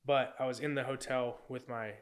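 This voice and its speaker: Young dude rambling fast on a podcast, like like like, you know. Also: male voice, medium pitch, level tone. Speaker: podcast guest. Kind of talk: casual storytelling.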